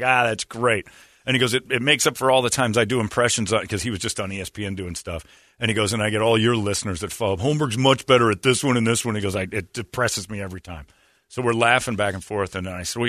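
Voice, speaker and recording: Lively radio host telling a story. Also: male voice, on the low side, no echo, studio quality. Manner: animated, self-mocking, bursts into laughing shouts. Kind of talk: casual storytelling chat.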